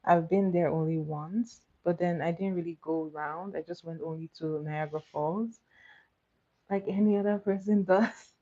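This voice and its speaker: In a slightly muffled, dull-sounding recording, a woman with a fairly low, dark voice chats with live viewers while doing her makeup. She speaks at a normal speed in a steady tone, answering comments and often laughing as she hosts the stream.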